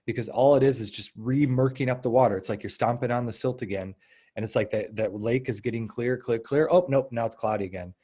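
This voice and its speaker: A man in his thirties, a guest coach in a casual interview, explaining ideas and acting out inner thoughts in lively asides. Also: medium pitch, fairly quick, husky. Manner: animated, acts out inner voices.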